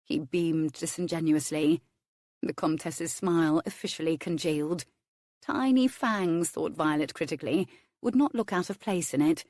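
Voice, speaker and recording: Low-voiced woman narrating romance. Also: moderate pace, darkish tone, dry recording, studio quality. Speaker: audiobook narrator.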